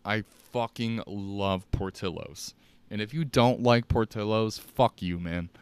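Profane deep-voiced Chicago man rambling. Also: a little slow, clean tone, no room sound. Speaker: podcast host. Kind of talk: casual solo podcast rambling.

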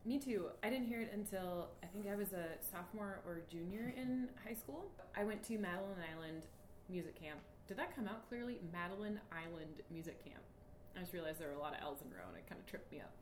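A woman's voice: mid-range voice, animated, quick pace, hardly any pauses, darkish tone, echoey room, slight background noise. A woman hosting a podcast in casual chat, laughing often and reading passages aloud. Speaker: podcast host.

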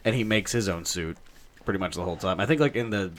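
A young man co-hosting a casual chat, animated and swearing freely, slipping into mock voices and rants. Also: sits low, fast talker, a little hiss or hum. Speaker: podcast co-host.

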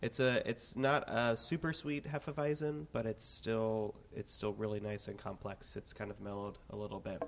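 A man with a cold and a raspy voice, chatting casually about beer with lots of filler words. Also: on the low side, level tone, moderate pace, few pauses, a little hiss or hum. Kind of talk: casual chat, beer tasting.

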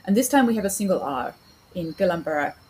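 A woman with a lowish voice teaching pronunciation on a podcast. She explains patiently in a loose, unscripted way, pausing on fillers and correcting herself. A faint hiss of noise sits under the recording. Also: expressive, darkish tone, rough recording. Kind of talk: casual spoken lesson.

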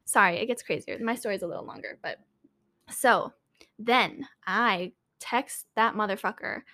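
A woman's voice: medium pitch, normal speed, bright, forceful tone. A woman co-hosting a podcast, telling a story in a casual, chatty way, full of "like" and "um" and free with swear words. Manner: chatty, filler-heavy, swears freely. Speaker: podcast co-host.

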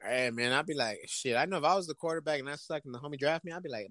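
A man's voice: on the high side, racing, dry recording. A man talking football in casual, profane banter, acting out imagined conversations in different voices. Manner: profane, animated, acts out imagined dialogue. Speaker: podcast co-host. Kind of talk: casual sports chat.

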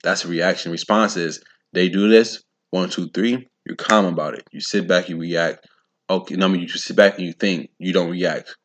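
A man's voice: low-pitched, steady tone, moderate pace. A man hosting a solo podcast, talking straight to his listeners in a casual, slangy, preachy way and punching his points with sound effects. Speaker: podcast host. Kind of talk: solo motivational podcast monologue.

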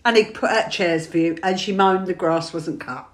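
A woman's voice: lowish voice, normal speed. A middle-aged woman from England telling family stories in a chatty, laughing manner, hosting a casual chat. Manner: chatty, storytelling, laughing often. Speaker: podcast host.

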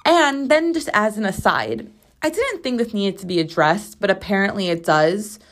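A woman's voice: mid-range voice, normal speed. Sarcastic young woman storyteller. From United States. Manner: animated and sarcastic, with rambling asides. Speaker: podcast host. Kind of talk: casual solo storytelling.

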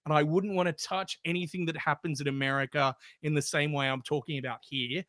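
A man's voice: fairly high pitch, steady tone, fairly quick, fairly bright tone, dry recording, clean studio sound. A man with an Australian accent co-hosting a casual opinion podcast, blunt and playful in his asides. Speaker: podcast co-host.

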